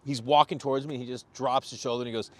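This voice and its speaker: A man from Boston, a comedian guest on a podcast, telling animated stories and acting out what people said. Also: medium pitch, racing, a little hiss or hum. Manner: animated storyteller, acts out quotes. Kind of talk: casual podcast chat.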